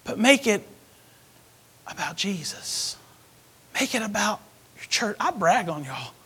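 A man preaching a sermon as associate pastor, swinging between hushed whispers and loud emphatic calls. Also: high-pitched, sing-song, takes it slowly, breathy edge. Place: church sanctuary.

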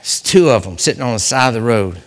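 A man preaching a sermon in a church, swinging from loud cries to hushed, near-whispered lines. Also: medium pitch, animated, fast talker, big-room sound. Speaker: pastor.

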